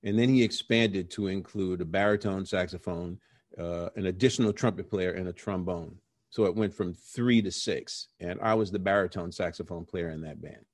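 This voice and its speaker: A middle-aged man with a low voice recalls his early career in an unhurried interview. He tells it animatedly and acts out the voices of the people he quotes. The recording is dry and close, with no room sound. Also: steady tone, no room sound. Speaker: interview guest, jazz musician. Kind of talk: storytelling in a conversational interview.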